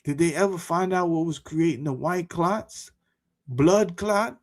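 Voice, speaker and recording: A man talking casually to his viewers as a YouTuber, animated and full of rhetorical questions and slang. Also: a little high, moderate pace. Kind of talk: casual monologue to camera.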